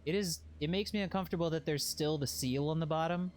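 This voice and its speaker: A man's voice: fairly high pitch, quick pace, darkish tone, a little hiss or hum. Jokey man streaming a game. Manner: jokey, repeats phrases, mock panic. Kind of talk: casual gameplay commentary.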